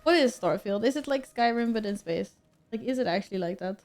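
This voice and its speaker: A woman's voice: fairly high pitch, lively intonation, brisk, a little mellow. A woman streamer chatting casually while she plays a game, reading out and answering her chat and laughing often.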